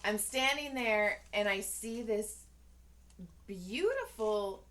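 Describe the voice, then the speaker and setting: A woman's voice: medium pitch, takes it slowly. A woman co-hosting a podcast in casual chat, telling stories and acting out each side of a conversation. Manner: animated storyteller acting out conversations. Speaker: podcast co-host.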